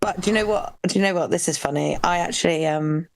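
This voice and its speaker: A woman joining a casual chat, animated and opinionated. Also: lowish voice, vocal fry. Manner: animated, opinionated, quick to laugh.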